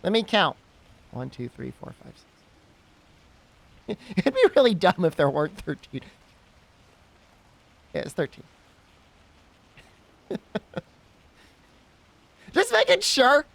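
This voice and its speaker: A man's voice: high-pitched, wildly swooping pitch, takes it slowly, vocal fry, long pauses, fairly bright tone, no room sound. A man streaming a game, chatting casually and rambling, with frequent giggles and teasing. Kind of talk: casual gaming stream chat.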